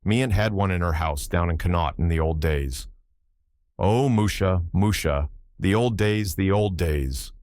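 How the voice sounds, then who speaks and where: A man voicing a superstitious old sailor with an Irish accent, telling a tale in a lilting, animated way. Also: deep voice, unhurried, no echo, studio quality. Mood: storytelling. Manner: yarn-spinning, lilting, animated.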